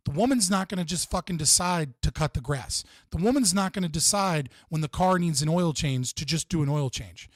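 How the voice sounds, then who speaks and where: A man's voice: on the high side, no echo. A man giving blunt, profane, rambling relationship advice in casual podcast talk.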